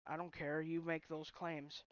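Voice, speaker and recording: A young man vents in a personal vlog, frustrated and halting, stumbling through restarts. The recording is dull and lo-fi. The room around him sounds close and dry. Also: fairly high pitch, little pitch movement, clean tone, no room sound. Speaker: vlogger. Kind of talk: emotional personal vlog rant. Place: bedroom at home.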